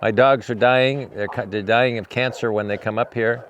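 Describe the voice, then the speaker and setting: Man cooing softly to his dogs. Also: mid-range voice, fairly even intonation, moderate pace. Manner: coos softly to dogs, repeating praise, dropping to near-murmurs; rambling, repeats himself when talking to the audience. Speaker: animal rescuer and show host. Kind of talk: casual vlog talk to camera and to his dogs. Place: outdoors at an animal sanctuary with dogs.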